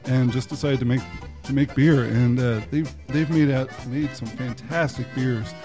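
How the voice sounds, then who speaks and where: Relaxed male beer-reviewer guest. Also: medium pitch, normal speed, over music. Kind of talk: casual chat while tasting beer.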